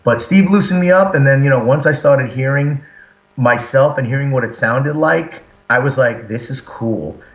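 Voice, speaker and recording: A man's voice: medium pitch, moderate pace. A man who sings and fronts a metal band, chatting in an interview and telling stories with acted-out quotes. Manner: animated storyteller, acts out quotes. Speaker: band singer and frontman, guest. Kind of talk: casual interview chat. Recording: roomy, dull lo-fi sound.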